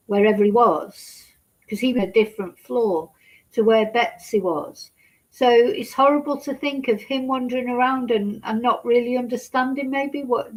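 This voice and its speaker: Woman, vlogger, somewhat high voice, hesitant fillers, emotional while reading news. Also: poor audio. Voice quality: soft-spoken, chatty, hesitant with many fillers. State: emotional, getting upset. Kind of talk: reading news aloud with personal asides.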